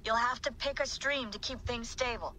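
An actress voicing a calm female technician in a video game, speaking briskly and matter-of-factly. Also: a little high, a loud crowd, natural voice. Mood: focused.

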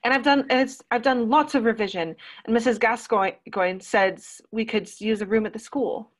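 A woman's voice: on the high side, normal speed, lightly acted. A woman reading the part of a literal, anxious teenage boy in a live script reading. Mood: insistent. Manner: flat, literal, insistent. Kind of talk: live script reading over video call.

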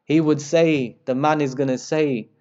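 A man giving a religious lesson, retelling narrations with lively storytelling and speaking directly to his listeners as brothers. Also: measured pace. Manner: lively storytelling, rises in pitch and volume when quoting dialogue. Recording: slightly dull lo-fi recording.

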